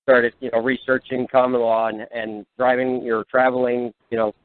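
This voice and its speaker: A man's voice: mid-range voice, level tone, normal speed. Hesitant male caller on a phone line. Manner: hesitant, with many fillers. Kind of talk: telling his story on a call-in show. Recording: dry, tinny phone line.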